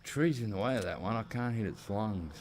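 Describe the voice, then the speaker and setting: A man's voice: lowish voice, animated, brisk, darkish tone, a little hiss or hum. A man with an Australian accent, chatting casually and rambling through stories while he plays a hunting game. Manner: rambling storytelling. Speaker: gaming commentator. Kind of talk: casual gameplay commentary.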